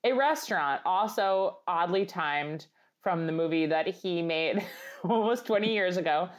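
A woman with a Long Island accent co-hosts a comedic podcast, talking in a loose, rambling way. She laughs easily and reads news articles aloud with wry asides. Her voice sits a little low. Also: lively intonation, a little slow. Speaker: podcast co-host. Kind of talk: casual comedic chat.

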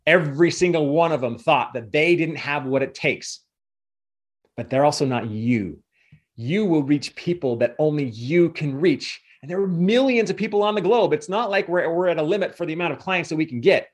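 A man's voice: a little high, moderate pace. A man giving a motivational coaching talk as a guest speaker, emphatic and repetitive in his delivery.

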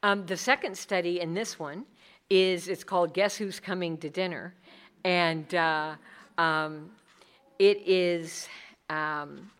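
A woman's voice: lowish voice, steady tone, slow. A middle-aged woman speaking earnestly to a group about leading Bible studies, acting out the people she quotes. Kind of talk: talk with audience questions.

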